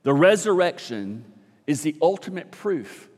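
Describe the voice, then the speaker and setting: A male pastor preaching a sermon, shifting between soft, intimate passages and louder emphatic lines. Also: fairly high pitch, very animated, a little slow. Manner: dynamic preaching, swings between soft and loud. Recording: long hall reverb.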